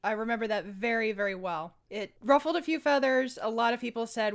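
Young woman co-hosting a chatty podcast. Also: fairly high pitch. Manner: chatty, prompting, quick to laugh. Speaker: podcast co-host. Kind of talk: casual podcast chat.

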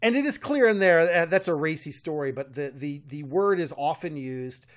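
A man's voice: fairly high pitch, lively intonation, normal speed. An American man co-hosting a podcast, explaining at length with many fillers and restarts, chuckling often, recorded on a studio mic. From United States. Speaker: podcast co-host, medievalist. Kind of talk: casual podcast chat.

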